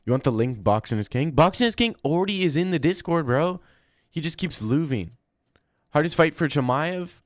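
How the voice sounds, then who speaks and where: A man's voice: on the high side, animated, normal speed, dry recording, studio quality. Slangy man in his thirties. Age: 30s. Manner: crude slangy banter, reads chat aloud. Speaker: streamer. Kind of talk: casual livestream chat reading.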